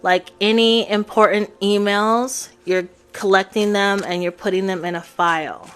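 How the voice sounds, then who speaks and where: A woman reads tarot on a live stream in a slow, easygoing way. She chats casually and speaks straight to her viewers at a mid pitch. Soft music plays faintly in the background. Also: fairly even intonation, clear, resonant tone. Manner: chatty, addresses viewers directly. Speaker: tarot reader. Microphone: phone on a live stream.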